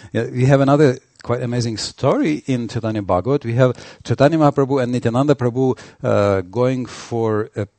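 A man giving a devotional lecture, halting and restarting, telling stories animatedly. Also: mid-range voice, creaky, dry recording. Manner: halting, many fillers and restarts, animated storytelling. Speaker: spiritual teacher.

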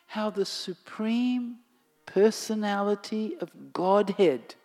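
A storyteller narrating a devotional tale slowly and expressively, sinking to a whisper at times. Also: mid-range voice, expressive, darkish tone. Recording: long hall reverb, faint music.

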